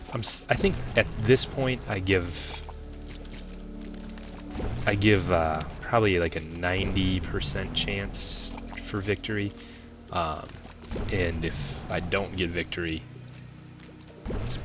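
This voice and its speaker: A young man with a low, deep voice chats loosely while he plays, telling stories and cursing freely. He swings between flat, offhand remarks and sudden angry bursts at the game. Loud music plays clearly under his voice. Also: slow pace, pauses often. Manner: swears a lot, rambling, flares into angry outbursts. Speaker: gaming channel host. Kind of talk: casual gameplay commentary. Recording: music playing loudly behind.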